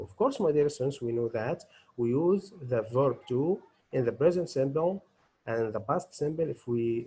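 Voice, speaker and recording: A man's voice: medium pitch, mellow, slightly rough, rough recording. A middle-aged man, an English teacher, giving a grammar lesson and answering his own questions as he goes.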